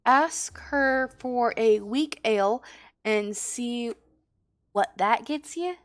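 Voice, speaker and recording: A woman's voice: fairly high pitch, slow pace. A woman voicing a sly male rogue guild master, reading his slang-heavy lines aloud. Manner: reads the lines aloud in rough old slang.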